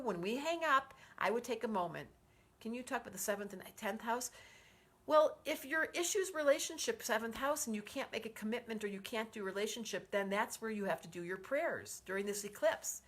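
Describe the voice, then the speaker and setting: A woman's voice: on the high side, a bit bright. A woman astrologer hosting a live stream from a phone held at arm's length, chatting effusively and reading out viewer comments by name. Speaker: astrologer host.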